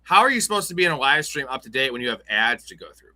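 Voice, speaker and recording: A man's voice: medium pitch, big pitch swings, very fast, bright, forceful tone. A young man hosting a casual live-stream show, joking and rambling through loose banter. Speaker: host.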